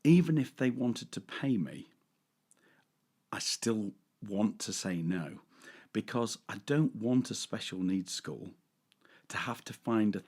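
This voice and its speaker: A middle-aged man, chatting casually on a podcast. His voice sits low, and he tells his stories in a loose, rambling way. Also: animated, takes it slowly, a little mellow, slightly rough. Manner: chatty storyteller who acts out fans in put-on voices. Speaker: podcast co-host, tribute singer. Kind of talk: casual chat.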